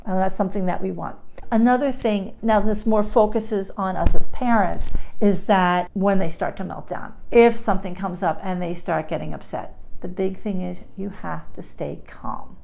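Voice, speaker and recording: A woman talking through parenting strategies in a casual advice video, acting out bright lines a parent might say to a child. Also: medium pitch, normal speed, vocal fry, a little hiss or hum. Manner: demonstrates parent lines in bright acted voices. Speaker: parenting advice giver, therapist.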